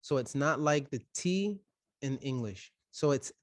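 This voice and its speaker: A man's voice: a little high, animated, measured pace, no echo. A man teaching a pronunciation lesson for Quran recitation. He speaks straight to the viewer into a close microphone and repeats short syllables to show the right and the wrong way.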